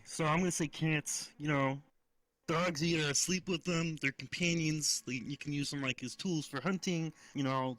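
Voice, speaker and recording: Brief: male guest, somewhat high, sharp bright voice, relaxed answers. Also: no room sound, poor audio. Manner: laid-back, easily amused answers. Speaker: guest voice impressionist. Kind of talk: casual chat.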